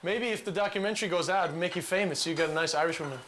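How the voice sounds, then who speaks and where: A man's voice: high-pitched, racing, heavy background noise. A man chatting casually and candidly for a documentary, joking at times. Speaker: documentary participant. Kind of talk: casual chat.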